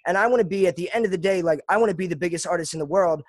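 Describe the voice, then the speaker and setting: A man's voice: high voice, very fast, no room sound. A man from Pennsylvania, a rapper interviewed as a guest, talking in an earnest, reflective and self-deprecating way. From Lancaster, Pennsylvania. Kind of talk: casual interview chat.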